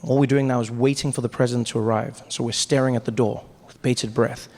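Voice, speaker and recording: A man performing stand-up comedy, telling a story in an animated way. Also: medium pitch, fast. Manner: animated, big voice swings for characters.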